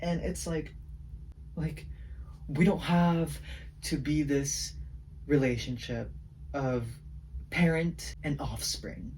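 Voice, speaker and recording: A man's voice: a little high, fairly even intonation, takes it slowly, pauses often, a little mellow, recorded from a distance, a little hiss or hum. Rambling teenage boy, a bit off-mic. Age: teens. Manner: rambling, heavy use of "like", venting. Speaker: vlogger. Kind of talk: casual rambling vlog chat.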